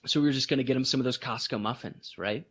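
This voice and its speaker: A man co-hosting a podcast, telling a story in casual chat and jumping into high voices for emphasis. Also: fast. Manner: animated storytelling, voices others in bursts of high pitch. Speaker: podcast co-host.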